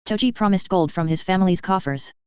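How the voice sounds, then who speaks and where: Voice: mid-range voice, brisk, darkish tone, clear, resonant tone, dry recording, close to an everyday voice. A narrator voicing an irritable young woman soldier who talks bluntly and impatiently, read from a story. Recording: dry, slightly dull.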